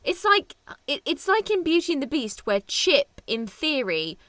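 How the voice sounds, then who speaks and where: High, lively woman chatting on a podcast. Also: no echo. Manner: excitable, quick tangents, laughing. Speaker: podcast co-host. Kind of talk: casual film-review chat.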